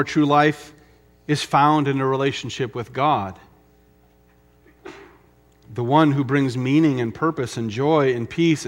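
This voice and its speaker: A middle-aged man preaching a sermon, emphatic, with dramatic pauses and repetition. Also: mid-range voice, a bit bright. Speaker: pastor.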